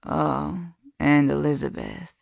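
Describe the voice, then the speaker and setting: A woman reads the part of a drowsy young man chatting on a late-night phone call, his voice soft, low and gently teasing. He sounds unhurried and relaxed, with a slight gravelly edge in a dry, close recording. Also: dry recording, full character voice. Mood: sleepy, teasing.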